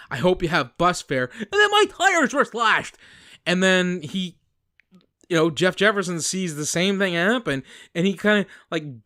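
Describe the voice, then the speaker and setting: Male podcast co-host, casual and animated, slightly high, dry booth sound. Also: no echo. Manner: animated, jokey recaps with sudden pitch jumps. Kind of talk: casual movie-review chat.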